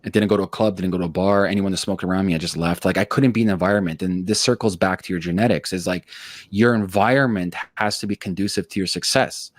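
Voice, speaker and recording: Low-voiced, blunt, profane man. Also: steady tone, quick pace, no room sound, clean studio sound. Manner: blunt, profane, high-energy storytelling; self-described hyperactive. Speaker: podcast host. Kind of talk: casual interview chat.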